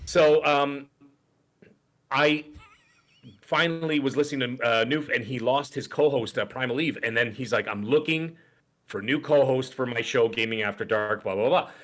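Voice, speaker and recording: A man's voice: medium pitch, normal speed, fairly bright tone. A middle-aged man co-hosting a podcast in casual chat, rambling through stories and acting out the voices of people he quotes. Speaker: podcast co-host. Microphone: desk podcast microphone.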